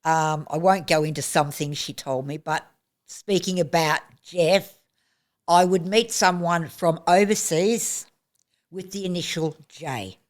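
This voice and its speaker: A woman's voice: sits low, measured pace. An older woman, a resident of an aged care home, frankly telling a personal story in casual chat.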